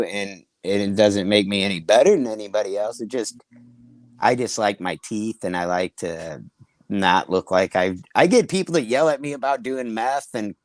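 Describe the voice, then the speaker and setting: A man's voice: fairly low pitch, no echo. Middle-aged guy on a comedy podcast, swearing and rambling thru stories, laughs a lot, dry close sound. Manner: profane, laughing, rambling anecdotes. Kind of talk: casual storytelling chat.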